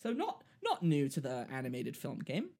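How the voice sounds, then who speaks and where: A man co-hosting a laid-back film podcast, his voice rising and falling in a lively way as he rambles. He is quick to mock himself and laughs often. His pitch sits at a middling level. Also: gravelly. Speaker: podcast co-host. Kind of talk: casual film-review chat.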